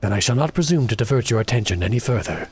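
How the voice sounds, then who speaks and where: A man's voice: mid-range voice, expressive, quick pace, darkish tone, soft background music. A man streaming a horror game, reading its dialogue aloud and dropping jokey asides. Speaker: VTuber streamer. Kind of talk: horror game let's play with casual commentary.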